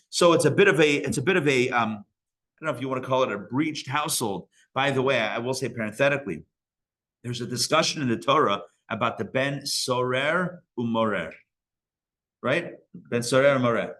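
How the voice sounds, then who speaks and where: Brief: male rabbi, live Torah lesson, casual humorous asides, bright medium-pitched voice. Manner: casual, joking, digressive. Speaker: rabbi teaching a class. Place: synagogue learning center.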